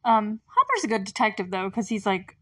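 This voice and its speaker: A woman's voice: medium pitch, very animated, brisk. A woman hosting a podcast, recapping a TV episode in a casual, chatty way with lots of fillers and frequent laughs between remarks. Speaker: podcast host.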